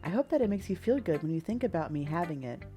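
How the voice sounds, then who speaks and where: An obsessive, shy teenage girl from a dating game, quiet and low-voiced, as a woman reads her part aloud. The delivery is soft and unhurried. Faint game music plays behind. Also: very animated. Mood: intense. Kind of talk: reading game dialogue aloud.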